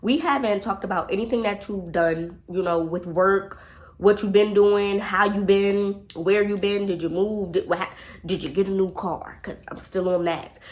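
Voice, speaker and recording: A young woman vlogger telling a dating story in casual chat, animated and profane, talking to her viewers as y'all. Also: medium pitch, moderate pace.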